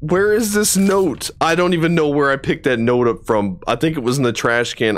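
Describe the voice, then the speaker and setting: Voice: medium pitch, animated, moderate pace. A streamer giving live commentary on a horror game, swearing often, thinking aloud and jumping at scares.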